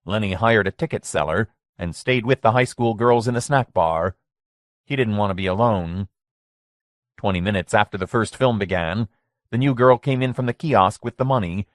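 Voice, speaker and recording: Male narrator, low voice, dry close studio sound, steady reading. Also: normal speed, no room sound. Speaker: audiobook narrator. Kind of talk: scripted narration.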